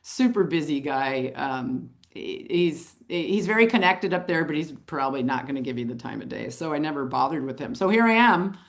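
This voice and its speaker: A middle-aged woman telling a story in an interview, animated and chuckling as she goes. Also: low voice, normal speed, few pauses. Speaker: photographer and author, interview guest.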